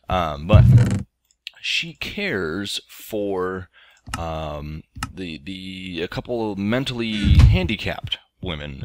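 A man's voice: deep voice, a little hiss or hum. A man in his thirties hosting a game playthrough, telling a casual story with lots of ums and restarts. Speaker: let's play host. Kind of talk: casual storytelling over gameplay.

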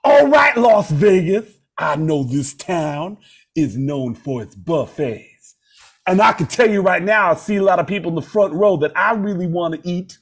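A man doing a shouting rock frontman. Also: very high voice, very animated, unhurried, voice pushed up, exaggerated voice. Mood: cheeky showman. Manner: shouted, stretched-out arena announcer delivery. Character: male rock frontman yelling brash stage banter.

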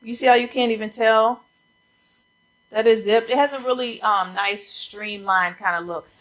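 A woman's voice: fairly high pitch, fairly even intonation, normal speed, fairly bright tone, poor audio. Chatty woman showing coats. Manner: chatty, addresses viewers as y'all. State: slightly out of breath. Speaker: fashion vlogger. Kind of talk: casual try-on haul chat. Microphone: camera mic facing a ring light.

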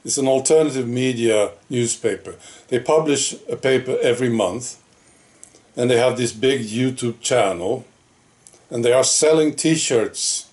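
A man talks to his viewers in an unhurried, drawn-out way, in a mid-range voice. He chats casually, leaning on rhetorical questions and little asides like "right?" and "you know". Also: medium pitch, a little mellow. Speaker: political vlogger. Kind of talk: casual opinion monologue.

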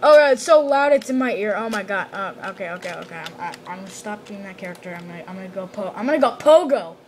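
A woman commenting on her own gameplay, excitable and prone to exclaiming and shouting. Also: mid-range voice, quick pace, a little hiss or hum. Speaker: gamer.

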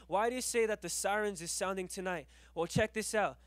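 A high-pitched man preaches in a church class, moving from telling a testimony to urging his listeners on with repeated phrases. The sound is dry and close, with no room echo. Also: fairly quick. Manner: storytelling that builds to fervent exhortation, repeating phrases. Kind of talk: sermon with testimony.

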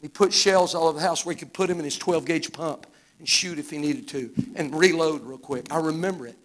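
A man's voice: on the high side, fairly quick. A man in his fifties from Arkansas with a Southern American accent, preaching a live church sermon in a fervent, folksy storytelling manner. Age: 50s. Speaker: guest preacher. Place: church sanctuary.

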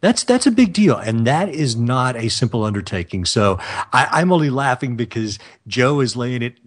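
A man's voice: medium pitch, sing-song, moderate pace. A man hosting a live internet radio show in casual chat, joking and laughing often at himself. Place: California.

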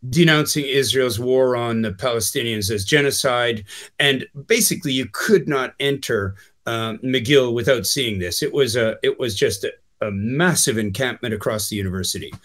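Halting Canadian man in casual talk. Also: mid-range voice, a bit bright. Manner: halting, with many fillers and restarts. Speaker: guest. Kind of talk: casual chat.

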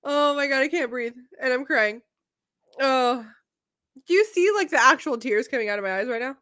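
Super high-pitched woman gushing over animals, bright, slow and emotional. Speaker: reaction video host. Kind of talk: reacting to a video.

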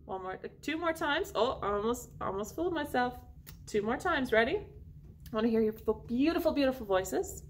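A woman music teacher leading an online lesson for young children, talking slowly and encouragingly and singing short phrases with an instrument. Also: high-pitched, lively intonation, a little hiss or hum.

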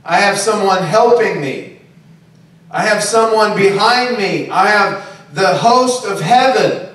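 A man's voice: high voice, animated, slow, a bit bright. A man preaching a sermon in a conversational style, often checking in with listeners by asking "okay?" and "right?". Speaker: pastor. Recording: very echoey, distant room recording.

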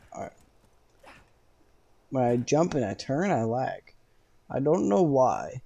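A young man casually commenting on his gameplay for viewers, joking around and now and then bursting out in loud excitement. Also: medium pitch, takes it slowly, vocal fry, long pauses, lo-fi sound. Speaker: gaming streamer.

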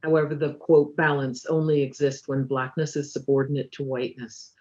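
Brief: male moderator, husky voice, muffled lo-fi video-call sound, calm delivery. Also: mid-range voice, a little fast. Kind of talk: hosting a virtual talk. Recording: dull lo-fi call audio.

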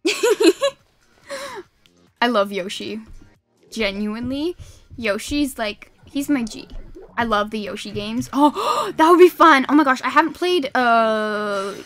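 A young woman chatting casually while streaming a game, excitable and quick to laugh, with sudden shrieks at the game. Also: a little high, soft background music. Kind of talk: casual gaming stream chat.

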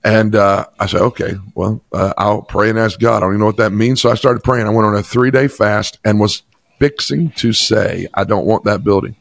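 A male pastor from Chattanooga, Tennessee, shares an emphatic personal testimony during an interview. His voice is fairly low, brisk, and creaky, captured in a dry recording.

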